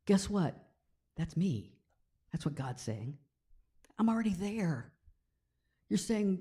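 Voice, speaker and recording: Mellow-voiced woman preaching a sermon. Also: on the low side, very animated, slightly rough. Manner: conversational, checks in with "right?"; drops to a slow hushed tone for scripture passages. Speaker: minister. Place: church sanctuary.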